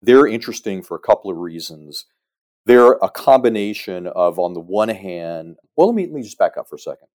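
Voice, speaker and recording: A man in middle age speaks as a podcast guest, laying out his points at an easy, measured pace. His voice sits low and often leans on "you know" as he goes. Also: animated, a little mellow. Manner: measured, explanatory, frequent "you know" fillers. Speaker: guest, business advisor. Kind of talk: conversational podcast interview.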